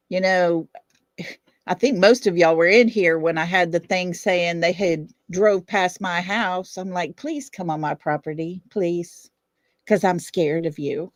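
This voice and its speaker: A woman's voice: on the low side, no room sound, studio quality. A middle-aged woman with a Southern US accent hosting a casual livestream chat, blunt, defiant and fiery. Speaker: livestream host.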